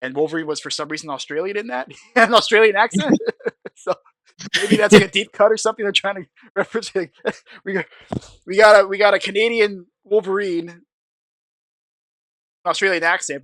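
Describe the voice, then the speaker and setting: A man's voice: high voice, fairly even intonation, a little fast, fairly bright tone, no echo. A man co-hosting a podcast, chatting and teasing casually, swearing now and then. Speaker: podcast co-host. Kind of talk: casual chat.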